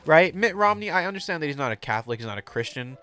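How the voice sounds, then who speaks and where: Bright, clear-voiced male co-host. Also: a little high, big pitch swings. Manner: opinionated, quick quips, profane. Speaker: podcast co-host. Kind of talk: casual chat.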